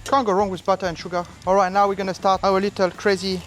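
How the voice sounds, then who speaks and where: A barbecue cook hosting a casual cooking demonstration, explaining each step in a relaxed way and breaking into silly asides and sing-song exclamations. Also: mid-range voice, fast. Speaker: barbecue cook and channel host. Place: outdoors at a large smoker.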